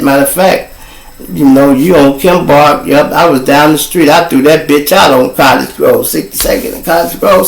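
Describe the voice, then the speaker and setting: A man with a Chicago accent tells a long story to his livestream viewers, profane and animated, and he acts out the other people's voices. His voice is gravelly. The room around him has a noticeable echo. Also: on the high side. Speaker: livestream show host.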